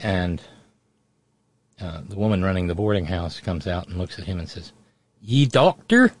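A man's voice: low-pitched, steady tone, moderate pace, darkish tone. A middle-aged man hosting a radio show, telling a family story in a rambling, digressive way. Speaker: radio host. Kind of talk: casual radio monologue.

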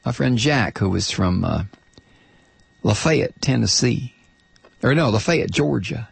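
A middle-aged man talks through a casual monologue, blunt and rambling, stopping often on hesitations and restarts. His voice sits at an ordinary pitch with a gravelly edge and a husky grain. The recording is dry and close. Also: animated, measured pace, dry recording.

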